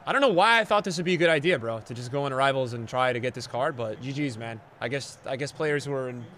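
A man streaming live gameplay commentary, sarcastic and bantering and often yelling at the game. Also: mid-range voice, lively intonation, fast talker, slight background noise. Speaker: gaming streamer.

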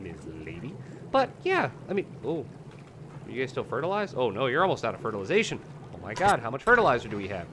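A let's-play host giving casual gameplay commentary, excitable and talking to viewers and to the game animals. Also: medium pitch, a little fast, slight background noise.

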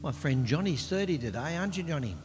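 A man's voice: a little high, lively intonation, quick pace, over music. A man with an Australian accent hosting a homemade comedy bit, introducing guests in a cheeky announcer manner. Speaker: comedy host. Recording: echoey hall with faint hiss.

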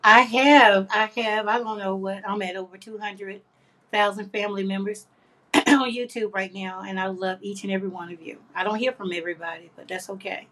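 A woman with a husky, slightly breathy voice hosts a casual craft livestream. She chats warmly with her viewers, reads their comments aloud and laughs often. Her pitch sits in an ordinary middle range. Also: steady tone, brisk. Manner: chatty and affectionate, laughs often.

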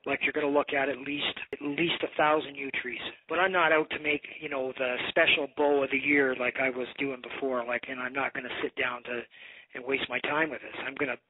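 A man's voice: medium pitch, level tone, brisk, slight background noise. A man telling a long rambling story in a casual phone conversation, swearing now and then. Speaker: bow maker. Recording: tinny phone line.

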